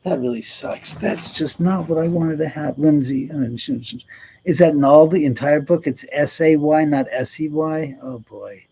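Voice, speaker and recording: A man's voice: on the high side, moderate pace, warm tone, breathy edge, low-quality recording. Chatty middle-aged man hosting a livestream. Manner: chatty, swears freely, laughs often. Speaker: livestream host. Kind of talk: casual livestream chat reading comments.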